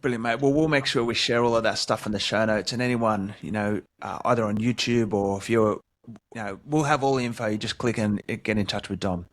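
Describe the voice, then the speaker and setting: A man's voice: fairly low pitch, fairly quick. A man with an Australian accent hosting a podcast interview, effusive and full of praise, calling his guest mate. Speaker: podcast host. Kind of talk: casual interview chat.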